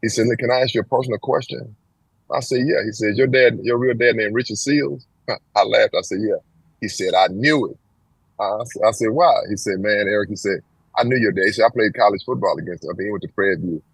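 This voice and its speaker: Older guy from texas, low husky voice, spins a story, does all the voices. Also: a little fast, no room sound, rough recording. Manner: animated storyteller, acts out quoted voices with big pitch jumps. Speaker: interview guest. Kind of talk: storytelling in casual interview.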